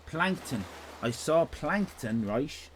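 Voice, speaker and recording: A man's voice: a little high, animated, takes it slowly, a little hiss or hum. Rambling Irish man hosting a stream. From Ireland. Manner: rambling, digressive, sweary, jokey. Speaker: live streamer host. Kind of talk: casual live-stream chat.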